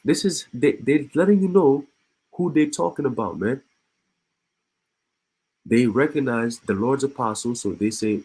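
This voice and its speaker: An online commentator reads the news aloud and throws in his own remarks, often breaking off to laugh, repeating himself and restarting words. His mid-range voice is animated, darkish and a little rough, delivered at normal speed on poor audio.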